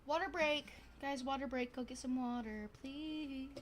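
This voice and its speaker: A young woman streaming a life-sim game, chatting casually to viewers in a bubbly, excitable way, gasping and repeating herself. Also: high voice, a little slow, a little hiss or hum. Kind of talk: casual gaming stream chat.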